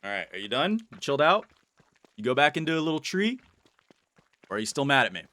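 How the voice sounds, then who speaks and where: A man's voice: medium pitch, sing-song, fast talker, bright, forceful tone, no room sound. A man giving casual, playful gameplay commentary as a YouTuber, teasing and chatting to the creatures in his game. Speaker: gaming YouTuber.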